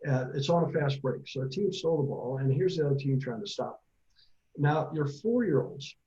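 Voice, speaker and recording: A man's voice: medium pitch, animated, a little fast, warm tone, highs cut off. A middle-aged man, a therapist and author, giving a casual online talk to parents, telling stories with many fillers.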